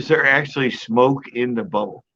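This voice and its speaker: A chatty man with a bright, forward voice tells stories with plenty of laughs and loose swearing. The sound is a bit dull and lo-fi, with a faint hiss behind him. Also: medium pitch, brisk. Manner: chatty, laughs often, animated storyteller, swears. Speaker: channel host. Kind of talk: casual chat.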